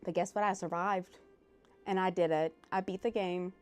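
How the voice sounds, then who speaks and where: A woman game streamer chatting casually on a live stream and telling stories animatedly, her voice swinging between loud and soft. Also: on the low side, fairly even intonation, normal speed, soft background music.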